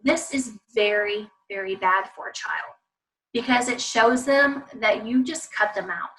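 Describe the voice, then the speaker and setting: A parenting coach, a woman, gives an online talk with slides over a video call, speaking directly to parents in an emphatic, repetitive way. Her mid-range voice is a bit bright and a little slow, and she sounds far from the mic, with poor audio.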